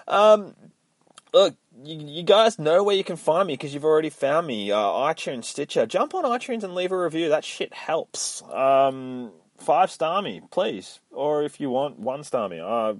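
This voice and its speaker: A man's voice: mid-range voice, measured pace, no room sound, clean studio sound. A man hosting a podcast, casually recapping a comic book with profane jokes. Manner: profane, joking, lively. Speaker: podcast host.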